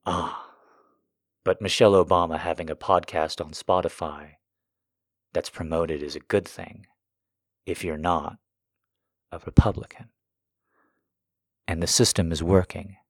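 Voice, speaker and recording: A very deep-voiced man delivering a fired-up political rant, swearing freely and letting his emotions show. His voice sits low, close and dry, with no room around it. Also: steady tone, measured pace, long pauses, no echo. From United States. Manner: heated, profane, emotional. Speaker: political commentator.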